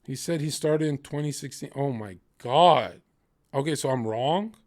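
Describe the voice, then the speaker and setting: A man's voice: mid-range voice, moderate pace. A young man streaming, ranting heatedly and with lots of swearing, acting out other people's lines in quotes. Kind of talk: ranting livestream commentary.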